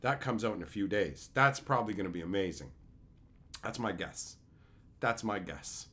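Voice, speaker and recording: A man's voice: fairly low pitch, expressive, moderate pace, sharp tone. A man streaming live, chatting casually with his chat and ranting with repeated, profane phrases. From Canada.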